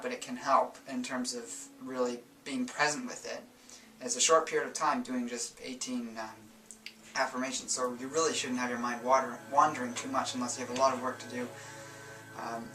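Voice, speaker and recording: A man hosting a self-help channel, explaining in a relaxed, rambling way with fillers and self-corrections. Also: medium pitch. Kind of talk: casual instructional talk. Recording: roomy sound from a distance, faint music.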